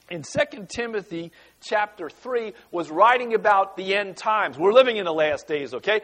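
A man's voice: high-pitched, a bit bright. A middle-aged pastor preaching a folksy, conversational sermon in church, talking with his congregation.

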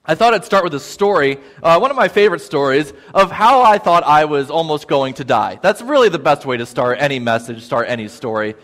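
A man preaching a sermon as a pastor, telling an animated, self-deprecating story with frequent "okay?" asides. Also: fairly high pitch, brisk, hardly any pauses. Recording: long hall reverb.

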